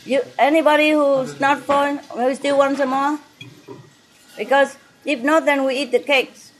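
With a high-pitched, level voice and a measured pace, the owner of a restaurant makes small talk with guests at her table. She jokes, laughs frequently, and mixes French into her non-native English over the noise of a crowded room and clinking dishes.

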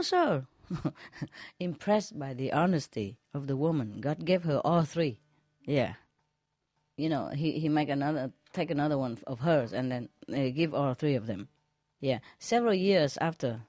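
A woman, a spiritual teacher, telling jokes to a group in a slow, chuckling way, often checking whether her listeners follow. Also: deep voice, mellow, dry recording, studio quality.

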